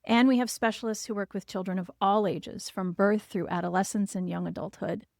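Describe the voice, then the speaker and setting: Woman, therapist host, gentle and reassuring, mid-pitched, dry close mic. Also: fairly even intonation, brisk, vocal fry, dry recording. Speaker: child therapist and podcast host. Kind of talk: explaining parenting advice on a podcast.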